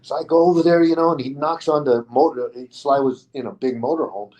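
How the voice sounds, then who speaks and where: A middle-aged man, a stuntman being interviewed, telling a story in a casual, animated way and acting out the other people's lines. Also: mid-range voice, fairly quick, lo-fi sound.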